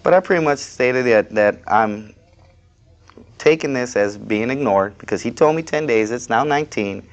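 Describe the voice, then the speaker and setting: Speaking at a moderate pace in a mid-range voice, a male activist guests on a studio interview show. He tells the story of a dispute at work in plain, aggrieved terms during a casual conversation.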